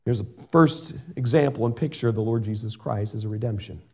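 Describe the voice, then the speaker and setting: A middle-aged man preaching a sermon and reading scripture in an earnest way. He shifts between loud emphasis and soft asides. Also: fairly low pitch, a little fast, husky. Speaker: pastor.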